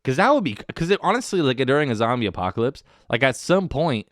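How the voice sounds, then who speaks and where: A man's voice: medium pitch, sing-song, fast talker, fairly bright tone, no room sound, clean studio sound. A man hosting a casual solo comedy podcast, rambling and meandering, with lots of "dude" and "man.". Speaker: podcast host.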